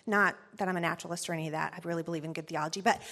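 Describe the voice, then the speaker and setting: A middle-aged woman speaking at a church parenting class, telling a chatty, animated story and laughing often. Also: on the low side, rapid-fire. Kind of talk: storytelling talk.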